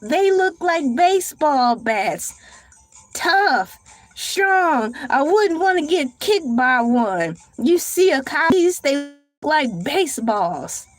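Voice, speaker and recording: Woman host for a casual live chat, high-pitched and theatrical, with a soft music bed underneath. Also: slow. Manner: animated and dramatic, bursts into shouts and laughter. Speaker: livestream host.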